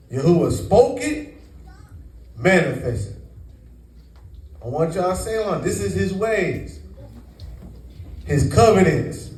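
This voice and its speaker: A man's voice: high voice, a little mellow. A man teaching scripture to a congregation, quizzing them to fill in the words. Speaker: Bible teacher. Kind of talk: call-and-response sermon teaching. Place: congregation meeting room. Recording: echoey room, mic far off.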